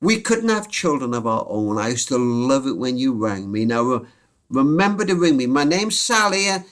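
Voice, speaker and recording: A man telling a story voices a kind, very old woman who works as a telephone operator, speaking gently. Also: mid-range voice, sing-song, moderate pace. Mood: tender.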